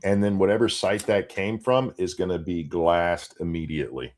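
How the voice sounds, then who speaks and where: A man with a fairly low voice co-hosts a casual political chat show. He rants bluntly, swears freely and restarts his sentences as he goes. He sounds like a talk-show regular speaking off the cuff. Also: normal speed. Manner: blunt, profane ranting with frequent restarts. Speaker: show co-host.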